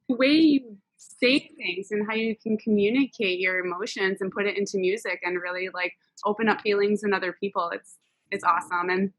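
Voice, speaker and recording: A woman's voice: medium pitch, bright, forceful tone, low-quality recording. A woman co-hosting a live online show over a video call, heartfelt and rambling. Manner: heartfelt, rambling, many fillers. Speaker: co-host.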